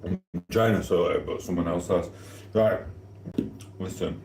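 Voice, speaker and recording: A man's voice: low-pitched, measured pace, gravelly, echoey room, noisy background. A man hosting a casual live stream from his kitchen, rambling and cheekily flirting with his chat while eating. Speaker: livestream host. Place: home kitchen.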